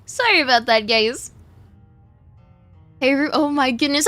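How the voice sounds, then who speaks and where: A woman's voice: sits high, expressive, normal speed, bright, forceful tone, dry recording, soft background music. A young woman streaming a game and chatting with her viewers, greeting them over and over, her speech a little muffled by a cough drop in her mouth. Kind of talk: casual live-stream chat while gaming.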